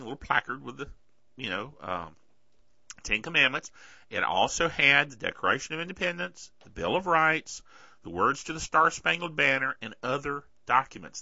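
A podcast host, a man with a bright, forceful voice, delivers chatty, sarcastic tech commentary and keeps checking in with "okay?". His throat is bothering him, so he clears it often. His pitch swings widely, and the recording sounds dull and lo-fi. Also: no room sound. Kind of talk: casual tech news commentary.

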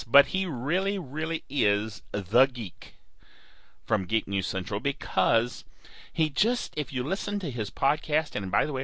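A man's voice: mid-range voice, pushed and bright, dry recording. A man hosting a podcast in casual, rambling chat, joking and drifting off track before finding his way back. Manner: jokey, wanders off track and back. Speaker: podcast host.

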